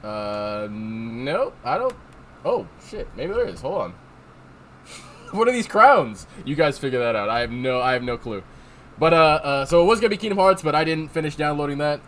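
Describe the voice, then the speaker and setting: Using a desk microphone, this streamer answers chat casually, reading messages out, rambling, and swearing. His fairly high voice has big pitch swings, a moderate pace, and a fairly bright tone, with slight background noise.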